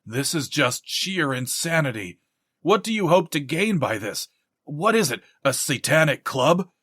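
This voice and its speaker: A man's voice: on the high side, very animated, a little slow, breathy edge, no echo, clean studio sound, heavily acted. Brief: narrator as an ordinary man, scared and indignant, raised voice. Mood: outraged. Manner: protesting, shouting. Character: frightened, outraged ordinary man.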